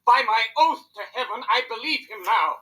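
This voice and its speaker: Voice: mid-range voice, expressive, moderate pace, bright, forceful tone, low-quality recording. A student reading an earnest pleading minister. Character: earnest, conscience-stricken male minister. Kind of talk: classroom read-aloud of a play.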